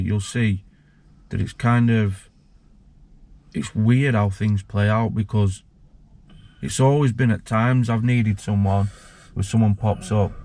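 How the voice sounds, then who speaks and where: A man, a former prisoner, telling his story with halting emotion and many restarts. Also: fairly low pitch, a little mellow. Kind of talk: candid personal storytelling.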